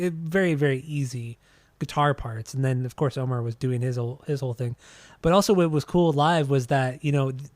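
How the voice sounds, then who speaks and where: A man's voice: a little high, a little mellow, no echo. A young man co-hosting a podcast, talking casually about an album with many restarts and casual swearing. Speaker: podcast co-host. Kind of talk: casual music review chat.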